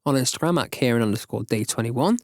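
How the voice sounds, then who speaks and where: A man's voice: medium pitch, expressive, fast talker, a little mellow, dry recording, studio quality. A man co-hosting a casual football podcast, bantering and laughing easily. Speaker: podcast co-host.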